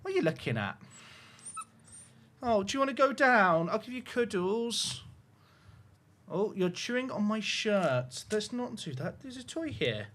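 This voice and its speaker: A man's voice: high voice, big pitch swings, measured pace, pauses often, a bit bright, slight background noise. A man on a headset mic, talking to his livestream chat while cooing to his dog in baby talk. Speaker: game streamer.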